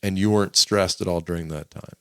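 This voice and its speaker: A middle-aged man with a very deep voice hosts a casual podcast interview. He teases and jokes between questions, and the sound is close and dry. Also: fairly even intonation, sharp tone, no echo. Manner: teasing, joking, quick follow-up questions. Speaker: podcast host interviewing his father.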